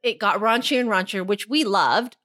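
A woman's voice: mid-range voice, normal speed, a bit bright. A woman co-hosting a casual podcast chat, blunt and swearing freely, also reading listener letters aloud. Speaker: podcast co-host.

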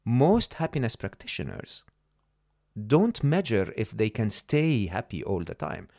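A man talking as a podcast guest in an animated way, often checking in with "right?" and "hmm?" and restarting his sentences. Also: fairly low pitch, measured pace, gravelly. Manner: frequent restarts and repeated words. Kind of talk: conversational interview.

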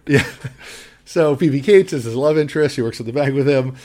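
A man co-hosting a casual podcast, recapping a movie. He rambles along, full of fillers and restarts, and laughs easily. His voice sits in an ordinary middle pitch. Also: brisk, a little mellow. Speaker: podcast co-host. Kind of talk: casual chat recapping a film.

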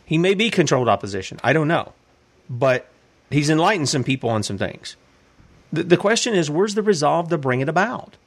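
A man's voice: fairly high pitch, big pitch swings, fairly quick. A man hosting a casual commentary show, reading news articles aloud and asking rambling questions about them. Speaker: host.

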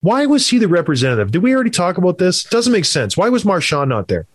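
A man hosting a casual sports podcast, opinionated and rambling, with quick asides. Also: high-pitched, very animated, dry recording. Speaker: podcast host.

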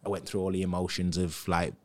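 A man's voice: deep voice, little pitch movement, fast, darkish tone. A man in his thirties, a former footballer, telling casual anecdotes as a podcast guest and acting out what others said. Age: 30s. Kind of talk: casual storytelling.

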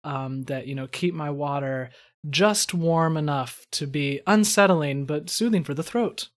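A man playing a spacey comedy podcast host who talks in a halting, drawn-out way. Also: a little high, natural voice.

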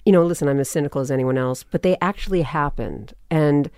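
A woman's voice: low-pitched, fast, no room sound, studio quality. A woman from California, a podcast guest, telling a personal story in casual talk and acting out what people said. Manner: animated storyteller, quotes people in voices.

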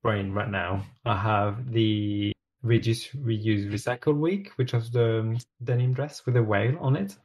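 A man's voice: on the low side, measured pace, few pauses, a little mellow, lo-fi sound. A man from France with a French accent, a guest chatting casually in an interview and laughing often while he tells stories. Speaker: guest, former sewing show contestant.

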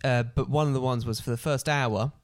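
A man talks at an ordinary pitch in casual conversation. He hesitates and restarts his sentences. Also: steady tone, brisk. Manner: hesitant, stammering explainer. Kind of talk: casual chat.

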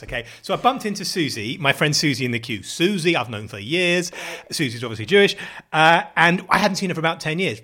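Animated, jokey British man. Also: a little high, moderate pace. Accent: British English. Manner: animated, jokey, swears freely. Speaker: podcast co-host. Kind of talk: casual chat.

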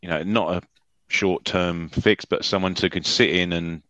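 A man's voice: low-pitched, fairly even intonation, normal speed, pushed and bright, dry recording, dull audio. A man giving his thoughtful, rambling views as a guest on a football chat show. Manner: thoughtful, rambling, mildly swears.

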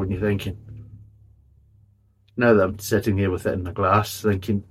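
Husky, blunt, swearing beer reviewer man. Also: low voice, little pitch movement, normal speed, pauses often. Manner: blunt, swears, rambling and exasperated. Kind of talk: casual spoken review.

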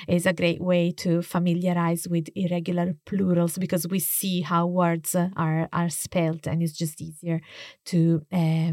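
A woman's voice: lowish voice, darkish tone, no echo, clean studio sound. Italian woman teaching with patient hesitations. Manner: patient, explains slowly with many hesitations. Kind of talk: language lesson dialogue.

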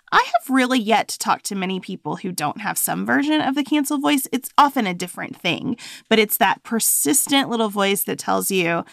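A woman's voice: medium pitch, lively intonation, fairly quick, creaky, hardly any pauses, no room sound, clean studio sound. A woman co-hosting a podcast, chatting casually and telling stories in a conversational way. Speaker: podcast co-host. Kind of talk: casual chat.

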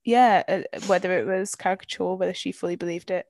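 A woman's voice: on the low side, fairly even intonation, fairly quick, vocal fry, a little mellow, dry recording, studio quality. A woman in casual book chat, enthusiastic and casually sweary.

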